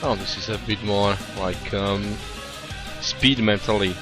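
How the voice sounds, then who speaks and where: A man with a deep voice talks slowly and casually on a live coding stream. English is not his first language, and he stops often to restart with fillers. Faint music plays behind him. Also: fairly even intonation. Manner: hesitant, many restarts and fillers. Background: faint music playing.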